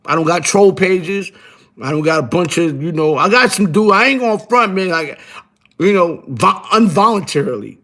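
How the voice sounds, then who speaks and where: Brief: middle-aged New man, slightly high voice, loose profane streetwise rambling, keeps asking "you heard?". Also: expressive, moderate pace, bright, forceful tone. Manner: profane and emphatic. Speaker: guest on a live show. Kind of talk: casual live-stream talk.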